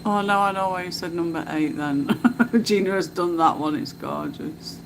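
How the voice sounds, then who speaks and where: A woman's voice: lowish voice, normal speed, creaky, background noise. A woman, hosting a casual livestream at home and telling stories in a chatty way, laughing often. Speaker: livestream host.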